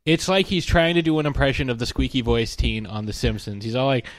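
A man's voice: medium pitch, fairly quick, no room sound. Ranting man on a podcast. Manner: irreverent, profane ranting. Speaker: podcast co-host. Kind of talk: casual ranting podcast talk.

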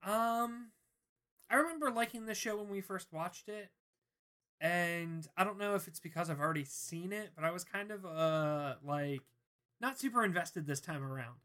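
A woman's voice: on the low side, moderate pace, fairly bright tone. A woman co-hosting a podcast, chatting casually in a laid-back, wry way. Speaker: podcast co-host. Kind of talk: casual chat.

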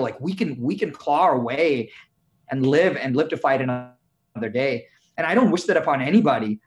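A man from India, a guest in an interview, telling his story earnestly with frequent halting restarts. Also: mid-range voice.

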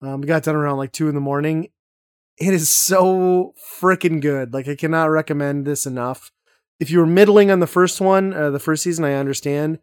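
A man's voice: fairly high pitch, brisk, clean tone, no room sound, clean studio sound. A man hosting a casual podcast chat, talking enthusiastically and rambling with lots of fillers. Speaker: podcast host.

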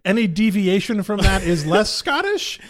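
A slightly high-voiced man trades easy banter as a podcast co-host. He talks in a wry, hesitant way, pausing and stretching his words as he thinks. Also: big pitch swings, fairly bright tone. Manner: wry, hesitant, drawn-out pauses. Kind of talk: casual chat.

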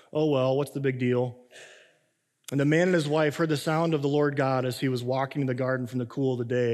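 A man in his thirties preaching to a congregation, switching between reading scripture and talking in a lively, conversational way. His voice sits a little high for a man. A long hall reverb hangs behind every line. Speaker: pastor. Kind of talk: sermon.

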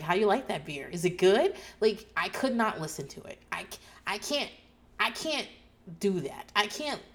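Woman, podcast host, casual recap, swears a lot, slightly low voice. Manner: ranting, swears freely, animated asides.

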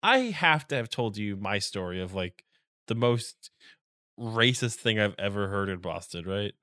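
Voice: sits low, measured pace, bright, forceful tone, no room sound. A podcast co-host chatting casually, telling rambling stories and dropping dry wisecracks. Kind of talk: casual chat.

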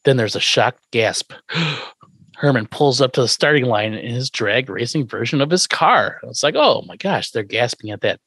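A man casually recapping an old sitcom episode with co-hosts, acting out characters' lines in quick put-on voices and laughing often. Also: medium pitch, animated, fairly bright tone, breathy edge, dry recording, clean studio sound. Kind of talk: casual chat.

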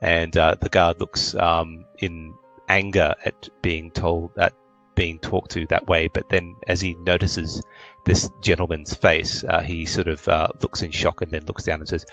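A man narrating a tabletop role-playing game as game master, relaxed and full of fillers. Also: deep voice, a little slow, lo-fi sound, soft background music.

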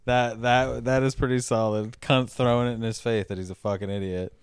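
A man's voice: mid-range voice, steady tone, fairly quick, clean tone, no echo. A man co-hosting a casual movie podcast, laid-back and swearing freely. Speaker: podcast co-host.

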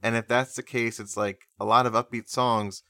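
A man's voice: mid-range voice, little pitch movement, normal speed, pushed and bright, no room sound, clean studio sound. A man co-hosting a music podcast, chatting casually with a nasal voice, rambling and laughing easily. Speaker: podcast co-host.

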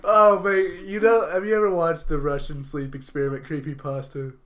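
A man's voice: fairly high pitch, level tone, moderate pace, fairly bright tone. Teasing, exasperated young man. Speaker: podcast guest. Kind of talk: casual podcast chat.

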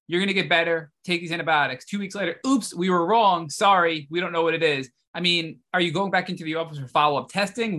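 Male podcast interviewer; bright, fairly high voice; engaged, recaps and questions. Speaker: podcast host.

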